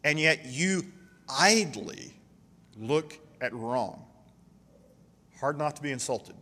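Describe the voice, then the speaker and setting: A man preaching a sermon in a church, reading scripture aloud with passionate, slowed emphasis. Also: on the high side, lively intonation, sharp tone, long reverb tail. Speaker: pastor.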